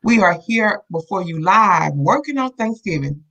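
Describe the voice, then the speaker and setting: A woman's voice: mid-range voice, lively intonation, moderate pace, a bit bright, highs cut off. A woman co-host speaks in an upbeat, encouraging way during casual live promotional chat, talking straight to her viewers. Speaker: co-host of a live online show.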